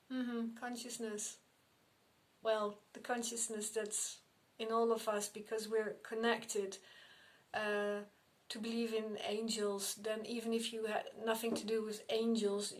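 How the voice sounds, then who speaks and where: A middle-aged woman, a spiritual medium telling personal stories in an unhurried way, often repeating and restarting her phrases. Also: fairly high pitch. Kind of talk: personal storytelling to camera.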